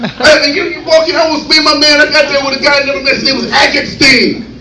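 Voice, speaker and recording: A man doing an open-mic stand-up set, animated and acting out voices and drill chants. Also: extremely high pitch, fast talker. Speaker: stand-up comedian. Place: comedy club stage. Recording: roomy club sound from a distance.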